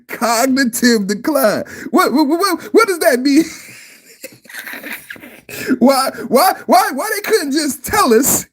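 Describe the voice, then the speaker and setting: Casting: high-pitched man, loud and rambling, live-stream podcast host who repeats himself and laughs often. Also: animated, slow pace, long pauses. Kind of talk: live-stream reaction commentary.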